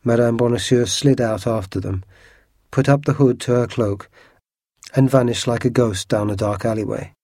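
Brief: male narrator, mellow dark tone, a bit breathy, expressive storybook reading. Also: mid-range voice, moderate pace, dry recording, clean studio sound.

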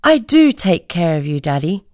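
A woman voicing a kind, hardworking young girl in a storybook, with a higher, earnest voice. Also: sing-song, normal speed.

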